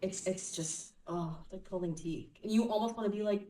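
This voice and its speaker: A woman's voice: mid-range voice, brisk, few pauses, darkish tone. A woman with a British accent, a voice actor speaking wryly on a convention panel. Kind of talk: casual panel talk. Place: large convention hall. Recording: echoey hall, mic far off.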